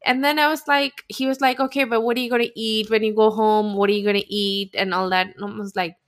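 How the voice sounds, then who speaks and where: A woman from India, co-hosting a podcast and telling stories in animated, casual chat, often laughing as she talks. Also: mid-range voice, fast talker. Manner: animated storytelling, laughs while talking. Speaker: podcast co-host.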